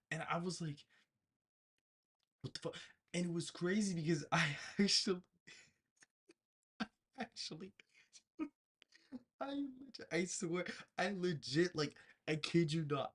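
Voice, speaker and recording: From his bedroom, a political show host rambles casually through a story on a livestream, restarting often. His voice is a little high, fairly bright, and slightly rough.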